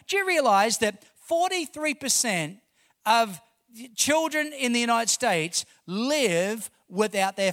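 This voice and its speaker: High, bright-voiced fervent male preacher. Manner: fervent, emphatic preaching with rhetorical questions. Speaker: pastor. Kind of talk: sermon. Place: church before a congregation.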